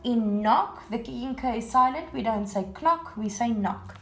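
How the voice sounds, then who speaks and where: A woman's voice: on the high side, normal speed, fairly bright tone. A woman primary school teacher recording a home-learning lesson, patiently explaining words one at a time and repeating them. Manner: patient, repetitive word-by-word explaining. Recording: roomy echo.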